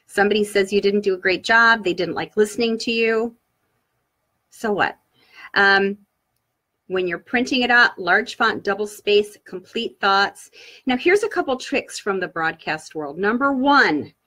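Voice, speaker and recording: Woman with a husky, breathy voice at a middle pitch, coaching viewers live with upbeat, direct tips. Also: fairly bright tone. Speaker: public speaking guest expert. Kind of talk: live online tips session.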